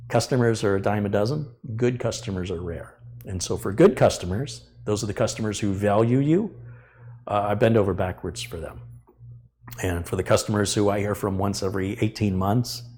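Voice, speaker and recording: A middle-aged man with a somewhat low voice hosts a live tech stream. He talks bluntly and at length, venting about customers. He plays out both sides of their arguments as he goes. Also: normal speed, darkish tone. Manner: blunt, ranting, acts out customer dialogues. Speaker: tech channel host.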